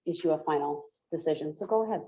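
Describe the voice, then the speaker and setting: A woman judge with a lowish voice speaks formally from the bench and keeps the hearing moving. The recording sounds muffled and dull, like courtroom feed audio. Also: fast talker, dark tone. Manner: formal, procedural. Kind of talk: courtroom proceedings.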